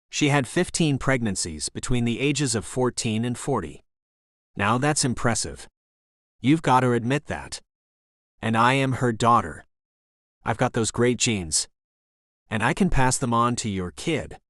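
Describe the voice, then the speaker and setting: A man's voice: mid-range voice, very animated, measured pace, pauses often, fairly bright tone, no room sound. Audiobook: pushy, talkative woman caller, voiced by the male narrator, brags and rambles, dry studio sound. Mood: rambling. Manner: rambling, boastful, talks over others. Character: pushy, chatty thirty-something woman caller.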